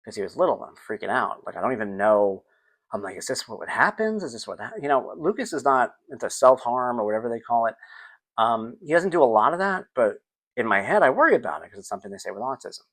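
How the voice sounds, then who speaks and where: A man's voice: mid-range voice, fast talker. A middle-aged man hosting a casual solo podcast, telling stories about his son and acting out the scenes. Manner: animated, acts out scenes, sings snippets. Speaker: podcast host.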